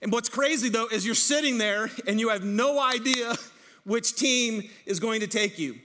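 A man preaching a sermon to a congregation, telling stories in an animated, joking way. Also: very high voice, normal speed. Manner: animated, jokey storytelling with laughs. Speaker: pastor.

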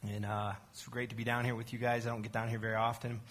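A man's voice: mid-range voice, flat delivery, quick pace, fairly bright tone. A man, the church's arts director, giving a casual sermon talk in a chatty, self-deprecating way with many fillers and restarts.

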